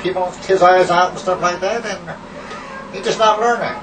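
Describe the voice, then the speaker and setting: A man's voice: high voice, steady tone, normal speed. A man playing a defensive, stammering teacher who swears back in an improvised comedy sketch. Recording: echoey, distant, noisy amateur recording.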